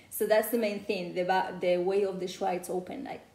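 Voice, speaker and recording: A woman's voice: medium pitch, fairly even intonation, brisk, gravelly, darkish tone. A woman from Spain with a Spanish accent, coaching English pronunciation in a loose, chatty way full of "you know". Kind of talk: casual teaching talk. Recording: echoey room.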